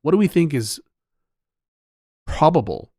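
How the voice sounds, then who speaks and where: A man's voice: a little high, very animated, measured pace, a little mellow, dry recording, clean studio sound. Rambling, tired-sounding man. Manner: rambling, profane, restarts often. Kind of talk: casual political chat.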